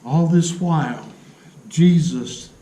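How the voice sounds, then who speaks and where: A man preaching a sermon in a church, telling stories earnestly with dramatic pauses. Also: a little high, warm tone, echoey room, poor audio. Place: church sanctuary.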